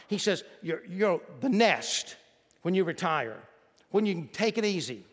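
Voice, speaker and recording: A man's voice: a little high, sing-song, moderate pace, fairly bright tone, big-room sound. A pastor delivering a sermon to his congregation, reading scripture aloud and calling on them to repeat words back. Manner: preaching, reads scripture aloud and leads the congregation in call-and-response. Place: church sanctuary.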